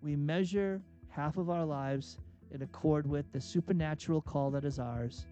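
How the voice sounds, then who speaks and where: A man's voice: on the high side, normal speed, dark tone, dull audio, soft background music. A man hosting a Catholic radio talk, speaking earnestly and acting out inner dialogue as he preaches. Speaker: radio host and executive coach.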